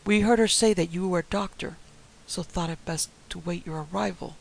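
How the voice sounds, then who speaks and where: A man's voice: high-pitched, moderate pace, vocal fry, rough recording. A man voicing an anxious woman servant who speaks deferentially and flusteredly. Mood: nervous.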